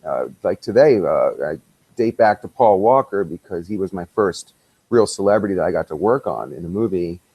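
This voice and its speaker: Podcast guest, middle-aged man, lowish pitch, animated storyteller who quotes dialogue and laughs a lot. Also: moderate pace, breathy edge, lo-fi sound. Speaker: podcast guest, visual effects artist. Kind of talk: casual storytelling interview.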